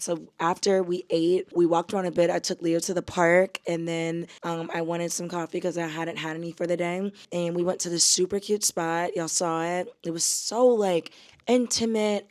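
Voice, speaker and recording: A young woman talks to camera in a relaxed travel vlog. Her voice sits a little low for a woman. She rambles warmly through stories, peppering them with fillers and y'all. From United States. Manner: chatty, many fillers, addresses viewers as y'all. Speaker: travel vlogger. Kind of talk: casual vlog chat to camera.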